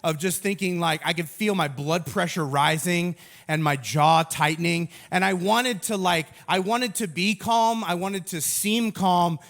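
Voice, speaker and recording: A man in his thirties giving a humorous sermon as a pastor, telling stories in an animated, self-mocking way. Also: a little high.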